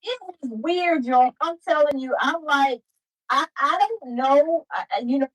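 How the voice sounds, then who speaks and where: A woman hosting a casual livestream, animated and laughing often as she talks to her viewers. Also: sits high, a little slow. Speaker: livestream host.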